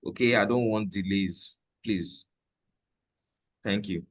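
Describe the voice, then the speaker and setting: Male trading instructor, low voice, chatty, repeats himself, checks in often. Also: steady tone, measured pace, a bit bright. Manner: conversational, repeats points, checks in with "okay?". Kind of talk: live trading lesson.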